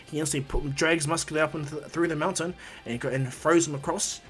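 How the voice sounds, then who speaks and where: A man's voice: fairly high pitch, fairly even intonation, fairly quick, a bit bright, soft background music. A man casually retelling a fan-made story, rambling with many fillers and restarts.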